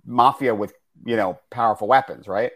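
A man's voice: mid-range voice, normal speed, over a noisy crowd. A man co-hosting a casual film review chat, rambling and repeating words as he starts his points. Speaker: podcast co-host.

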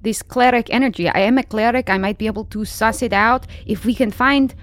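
A chatty woman talks through her moves as a player in a tabletop game, laughing easily. Her voice sits a little high for a woman. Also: brisk, no room sound. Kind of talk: casual tabletop game play.

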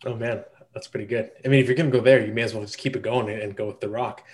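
A man's voice: lowish voice, fairly even intonation, very fast, a little mellow. A man hosting a podcast in casual chat, firing light quiz questions at his co-hosts. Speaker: podcast host.

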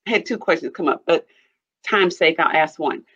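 A woman hosting an interview, asking questions haltingly and searching for the right words. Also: deep voice, expressive, a bit bright, slightly rough. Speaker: interview host. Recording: dull lo-fi sound.

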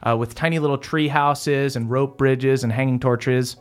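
A man's voice: mid-range voice, steady tone, normal speed, clear, resonant tone, faint music behind. Casual man running a tabletop game. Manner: casual, filler-heavy narration. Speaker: game master.

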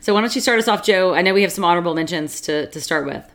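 A woman's voice: on the low side, rapid-fire. A woman from the United States co-hosting a podcast, talking frankly and easily in casual chat. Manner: easygoing, frank, laughs between remarks. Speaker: podcast co-host.

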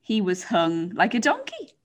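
A woman co-hosting a casual chat, telling family anecdotes in a lively, sweary way. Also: mid-range voice, measured pace.

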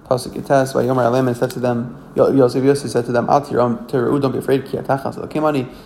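A man teaching a religious text, each verse aloud and translating it phrase by phrase, often halting and correcting himself. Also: medium pitch, flat delivery, vocal fry, a little mellow, slight background noise. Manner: halting, self-correcting, with frequent restarts. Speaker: Torah teacher.

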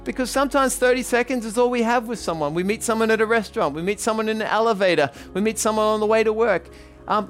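A man preaching as a pastor, telling a testimony and leading prayer in an earnest, halting way with many ums. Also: high-pitched. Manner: earnest, repeats himself, frequent ums. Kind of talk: sermon with retold testimony and prayer.

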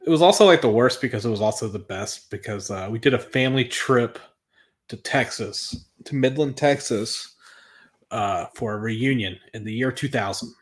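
A man's voice: mid-range voice, moderate pace. A man in his thirties, guest co-host on a podcast, telling stories in a rambling way with many fillers. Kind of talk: casual podcast chat.

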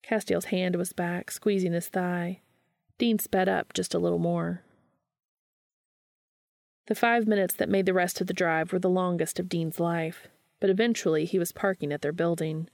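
Woman, audiobook narrator, fan fiction, steady unhurried reading, dry close recording. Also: on the low side, vocal fry, no room sound.

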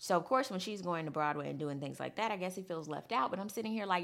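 A woman's voice: lowish voice, quick pace, vocal fry, few pauses, fairly bright tone. A young woman recapping a reality show in a casual, blunt, opinionated way, swearing freely.

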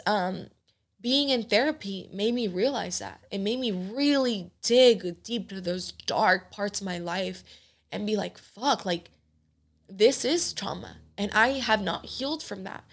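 Gravelly earnest woman in her twenties. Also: medium pitch, a bit bright. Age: 20s. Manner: earnest, emotional, swears casually. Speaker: podcast host. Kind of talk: candid personal talk.

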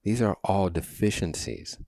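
A middle-aged man, a podcast host, reading his own reflective essay in a wry, measured, confessional way. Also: low-pitched, very animated, gravelly, mellow, dry recording. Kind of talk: reflective first-person essay narration.

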